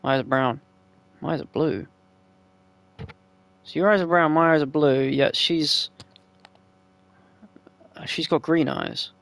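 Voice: medium pitch, steady tone, slow, creaky, long pauses, fairly bright tone, no room sound. A gameplayer chatting casually over a life-sim game, swearing freely and talking to the game characters.

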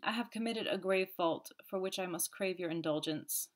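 A woman's voice: on the low side, normal speed, close to an everyday voice. A woman voicing a flustered male army captain who speaks meekly and apologetically. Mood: sheepish. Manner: meek, apologetic.

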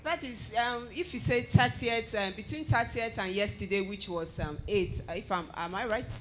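A man's voice: sits high, normal speed, fairly bright tone, a little hiss or hum, rough recording. A man speaking as a church minister, explaining a testimony in an earnest, preaching manner with hesitant fillers. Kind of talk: sermon-like explanation.

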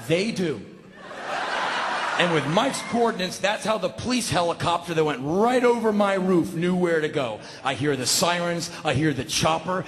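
A man in his forties telling a comic story live on stage, emphatic and repeating lines in rising shouted bursts. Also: high-pitched, normal speed, crowd noise, background noise. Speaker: spoken word performer. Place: stage in a large hall. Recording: live hall reverb, faint ambience.

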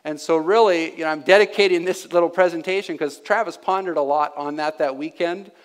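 A man giving a live seminar talk to an audience, energetic and forever tagging his points with "right?". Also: a little high, a little fast. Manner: energetic, keeps asking "right?". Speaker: seminar presenter. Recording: long hall reverb.

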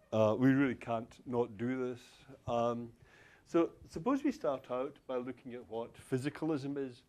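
A man's voice: medium pitch, darkish tone. A Scottish man from Glasgow giving a university lecture in a loose, joking way, with many fillers and restarts. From Glasgow, Scotland. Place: lecture hall.

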